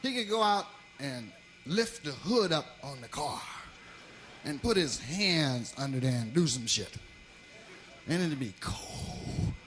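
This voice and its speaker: A male stand-up comedian telling a story in a profane, animated way, swinging between loud and quiet. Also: fairly high pitch, background noise.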